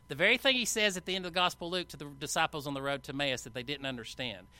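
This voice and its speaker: Bright-voiced male preacher. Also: on the high side, quick pace. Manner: animated Bible storytelling, acting out quoted lines; conversational asides with fillers. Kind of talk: sermon.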